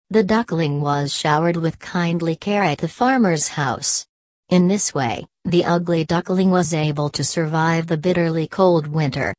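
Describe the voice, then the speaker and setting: A woman narrating a fairy tale as scripted storybook narration, in a measured, gentle reading. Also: deep voice, no room sound.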